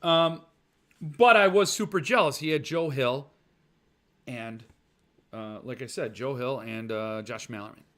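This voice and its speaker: Here the man's voice is medium-pitched and fairly bright, unhurried, with long pauses. As host of a casual podcast, he reads viewer comments, rants and jokes, rambling and messing around with mock voices.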